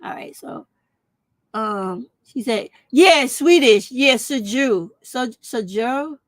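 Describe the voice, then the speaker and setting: A woman's voice: on the high side, expressive, slow pace, dry recording. A woman vlogger in casual chat, talking straight to her viewers and calling them y'all. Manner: chatty, addresses viewers as y'all. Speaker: vlogger reacting to a video.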